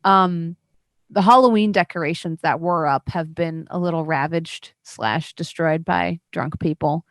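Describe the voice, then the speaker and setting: A woman narrating a tabletop role-playing game as game master, in a loose, halting way with fillers and sarcastic asides. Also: lowish voice, no echo, clean studio sound.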